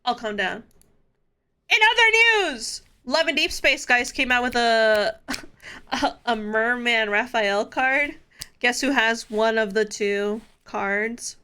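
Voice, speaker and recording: A young woman streamer with a bright, sharp voice and an unhurried way of talking. She chats casually with her viewers, giddy and quick to laugh. Her voice sits a little high. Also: clean tone. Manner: giddy, laughs often, talks straight to chat.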